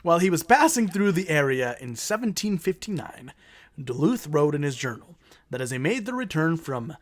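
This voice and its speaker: A man's voice: a little high, very animated, normal speed. A man hosting a casual podcast, reading strange local history aloud, tripping over words and swearing. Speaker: podcast host.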